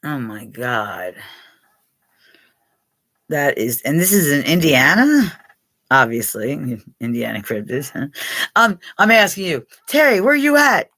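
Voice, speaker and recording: A woman's voice: extremely low pitch, sing-song, slow, pauses often, fairly bright tone, no echo. An older woman from Pennsylvania hosting a casual live chat with her viewers, rambling, swearing freely and laughing often. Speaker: live stream host.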